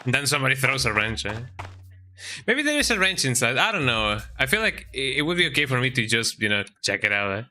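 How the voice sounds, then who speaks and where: A man's voice: medium pitch, expressive, quick pace, hardly any pauses, pushed and bright, slight background noise. A man streaming a game, chatting and joking as he plays, reading in-game text aloud and ending lines with "eh?". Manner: chatty, jokey, tags lines with "eh?". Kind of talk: let's-play commentary.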